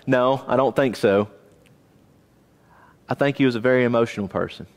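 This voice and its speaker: A man teaching a Bible class in a church auditorium, lively and questioning his listeners. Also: mid-range voice, moderate pace. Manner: animated, asks the class questions. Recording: long reverb of a church auditorium.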